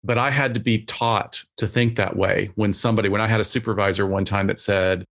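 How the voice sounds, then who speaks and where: A man's voice: lowish voice, fairly quick. A man who is a psychologist, talking casually as a podcast guest and acting out quotes as he explains. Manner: relaxed, plainspoken, acts out quotes.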